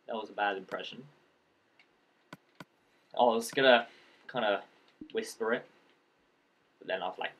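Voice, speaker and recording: A man's voice: fairly low pitch, fairly even intonation, normal speed, long pauses, a bit bright, highs cut off. A man giving casual let's-play commentary, rambling and joking and talking to the creatures in the game as he plays. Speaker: gameplay commentator.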